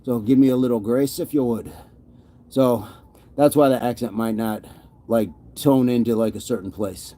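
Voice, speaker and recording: Mellow-voiced man chatting through a workout. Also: medium pitch, fairly even intonation, moderate pace. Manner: reads viewer comments aloud and answers them warmly; encouraging and upbeat. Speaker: fitness livestream host. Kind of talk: casual live chat while working out.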